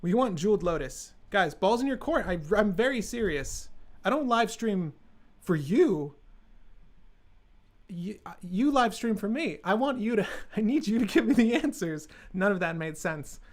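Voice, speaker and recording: A man's voice: sits high, sing-song, normal speed. A man hosting a live stream, building a card game deck and joking sarcastically with his chat.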